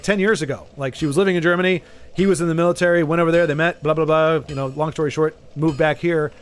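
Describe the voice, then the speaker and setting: A man with a Southern US Texan accent, chatting casually to viewers while streaming a game. He rambles, trails off mid-thought and restarts his sentences. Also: a little high. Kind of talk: casual chat while gaming, talking to viewers.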